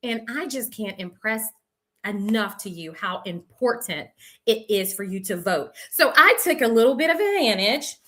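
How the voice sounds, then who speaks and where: A woman's voice: a little high, lively intonation, normal speed, bright, forceful tone. A woman hosting a community talk show, speaking in an upbeat, emphatic and encouraging way. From United States. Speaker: host.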